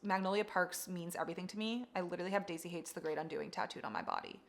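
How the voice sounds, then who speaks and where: A young woman chatting casually about books she loves, gushing, excitable and swearing freely. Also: fairly low pitch, rapid-fire. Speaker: book vlogger. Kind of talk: casual book review chat.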